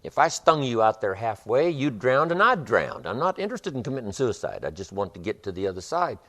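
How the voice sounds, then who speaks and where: A man voicing a smooth-talking scorpion in a spoken fable, who politely coaxes a frog into carrying him. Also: mid-range voice, very animated, brisk, fairly bright tone, voice pushed up. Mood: persuasive. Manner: coaxing, falsely polite. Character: sly, smooth-talking scorpion, deadly by nature.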